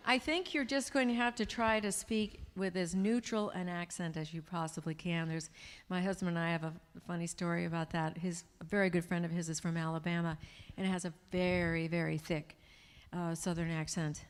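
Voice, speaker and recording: A woman's voice: fairly low pitch, steady tone, normal speed, hardly any pauses, smooth. A woman in her sixties, a guest speaker answering audience questions in a chatty storytelling way. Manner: chatty, warm storytelling with laughs. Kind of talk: Q&A talk to an audience. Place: large event hall. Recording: hall reverb from a live event room.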